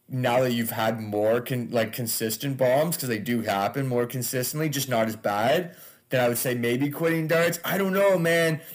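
A man, a stand-up comedian, chatting casually as a podcast guest, loose and laughing, with frequent swearing. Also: medium pitch.

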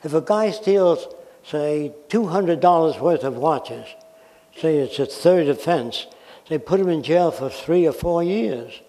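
A man's voice: on the high side, animated, measured pace, mellow. An American man giving a blunt, emphatic public lecture, making his points with examples and questions. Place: lecture hall. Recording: reverberant hall.

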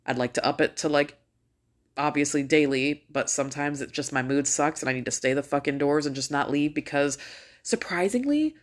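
A woman's voice: low-pitched, expressive, moderate pace. A middle-aged woman ranting casually to her viewers, blunt and full of swearing as she tells a story. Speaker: vlogger.

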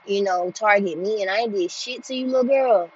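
A woman in her twenties telling a story in a casual monologue, blunt and animated, swearing freely. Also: mid-range voice, fairly quick, husky. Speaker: group home staff telling a story. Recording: dull lo-fi sound.

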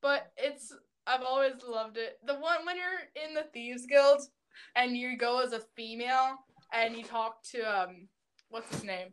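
A woman's voice: fairly high pitch, unhurried, clear, resonant tone. A young woman co-hosting a casual chat with friends, rambling and giggling as she corrects herself.

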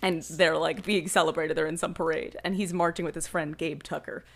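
A woman with a somewhat low voice co-hosts a casual podcast. She retells a film plot in lively storytelling, slipping into quick impressions of the characters as she goes. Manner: animated storytelling, acting out characters' lines. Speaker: podcast co-host. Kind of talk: casual film recap chat.

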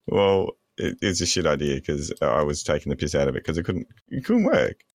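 A man co-hosting a podcast in casual chat, halting and restarting, often giggling. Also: rumbling low, big pitch swings, no echo. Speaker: podcast co-host. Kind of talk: casual banter.

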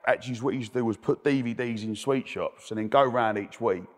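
Guy, cheeky anecdotes, mid-pitched, hall reverb on the voice. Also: fairly quick. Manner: cheeky, chatty storyteller with many restarts. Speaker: guest. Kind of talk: telling anecdotes in interview. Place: debating hall.

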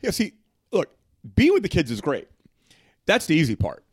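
A man's voice: a little high, huge pitch swings, moderate pace, husky. A middle-aged man as a guest in casual chat, rambling with many fillers and joking.

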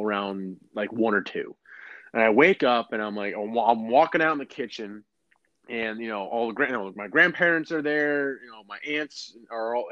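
A man's voice: mid-range voice, dry recording, dull audio. Man, casual podcast chat, rambling storyteller, dry close sound. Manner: rambling, animated storytelling with many restarts. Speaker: podcast co-host.

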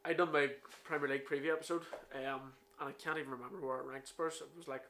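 Young Northern Irish male host, bright forward voice, playful banter. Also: fairly high pitch, fairly even intonation, fast talker. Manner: jokey, chatty, tangents with fillers. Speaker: podcast host. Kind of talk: casual chat.

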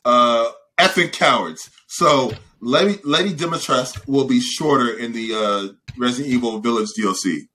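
A man's voice: mid-range voice, normal speed, hardly any pauses, bright, forceful tone, breathy edge. A young man co-hosting a podcast, chatting casually and complaining playfully. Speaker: podcast co-host. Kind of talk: casual chat.

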